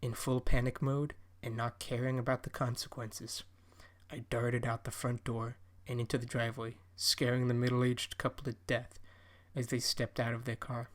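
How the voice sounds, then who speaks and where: A man narrating a horror story in a measured, steady storytelling delivery. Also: mid-range voice.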